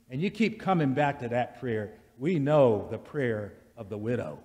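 A man preaching a sermon in a church, slow and deliberate, building repeated litanies that rise in intensity. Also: medium pitch, animated, a little mellow. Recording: long church reverb.

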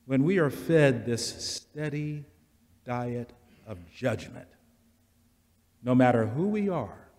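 A man preaching a sermon in a church, slow and deliberate, building repeated litanies that rise in intensity. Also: medium pitch, lively intonation, darkish tone. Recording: long church reverb.

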